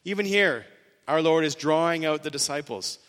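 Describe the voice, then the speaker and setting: A man's voice: a little high, expressive, moderate pace, fairly bright tone, big-room sound. A male pastor preaching an earnest sermon, voicing quoted lines with rising emphasis.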